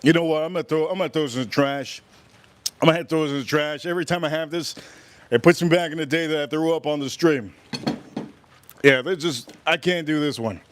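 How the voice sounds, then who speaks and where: A man hosting a casual livestream, chatting and reacting out loud while he eats. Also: a little high, fast. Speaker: livestream host. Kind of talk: casual livestream food tasting.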